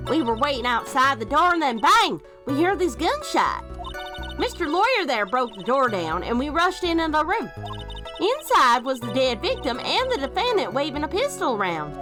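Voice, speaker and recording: A woman voicing a brash, folksy woman photographer with a loud drawling twang, over game music. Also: sits high, very animated, normal speed, voice pushed up.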